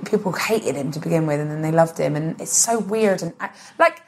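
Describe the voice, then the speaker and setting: A woman's voice: sits low, brisk, darkish tone, a little hiss or hum. A woman comedian talking as a podcast guest, gushing about films and tripping over repeated words. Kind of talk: casual comedic interview.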